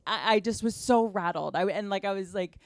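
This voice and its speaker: A woman hosting a podcast, also a comedian, telling a story casually with fillers and animated asides. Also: mid-range voice, fairly quick.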